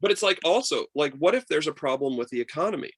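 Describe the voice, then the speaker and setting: A man teaching a history class over a video call, lively and chatty, acting out quotes with many fillers. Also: a little high, quick pace, breathy edge, no echo. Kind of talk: online class lecture.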